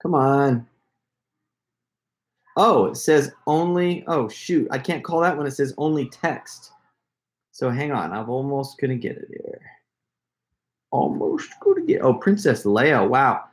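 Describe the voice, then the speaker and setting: A man's voice: mid-range voice, a little slow. Guy doing a casual home livestream, rambly and chatty, keeps laughing. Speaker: prank caller hosting a livestream. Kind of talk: casual live-stream chat.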